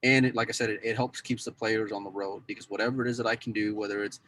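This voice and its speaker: Male podcast regular, deeper voice, loose rambling chat with lots of self-corrections. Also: level tone, quick pace, fairly bright tone, a little hiss or hum, poor audio. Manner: rambling, repeats "go and", many restarts. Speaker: pool news insider and cue dealer.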